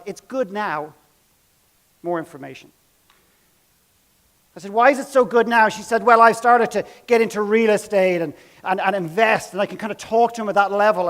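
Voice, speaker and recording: A man telling a story from a workshop, acting out the people's lines and dropping to hushed tones. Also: sits high. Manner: dramatic, acts out quotes, drops to hushed tones. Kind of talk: storytelling talk.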